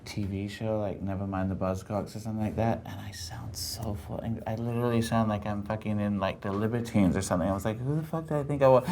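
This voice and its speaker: A man from England with a mixed American and English accent, a guest telling stories in casual conversation, animated and swearing freely. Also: on the low side, fast talker, hardly any pauses, a little hiss or hum. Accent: mix of American and English.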